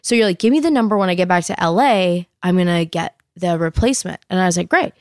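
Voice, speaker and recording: A woman in her thirties chatting casually, telling lively stories full of "like" and acting out what people said. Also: fairly low pitch, quick pace, no echo, studio quality. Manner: animated storyteller, heavy "like", acts out quotes. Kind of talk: casual chat.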